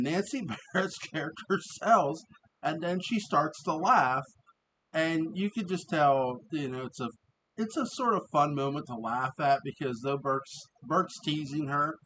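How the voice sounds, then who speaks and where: A man giving a casual, rambling review of an old TV episode. He often restarts, fills pauses and laughs as he talks. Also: fairly high pitch, expressive, a bit bright, a little hiss or hum, low-quality recording.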